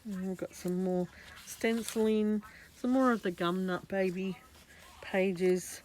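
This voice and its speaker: A woman's voice: medium pitch, steady tone, slow pace, a little mellow, a little hiss or hum. A woman with an Australian accent, chatting casually through a craft journal flip-through, meandering and often correcting herself. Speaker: craft vlogger.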